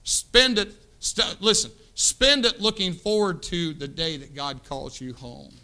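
A man in his fifties from the United States preaching a sermon, building to loud impassioned peaks and dropping to hushed asides. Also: fairly high pitch, measured pace. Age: 50s. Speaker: pastor. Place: church sanctuary.

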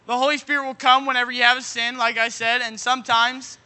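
A man preaching a sermon, leaning on folksy everyday examples and asking "you know what?" again and again, now and then breaking into shouts. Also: very high-pitched, level tone, fast. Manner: bursts into shouting at moments.

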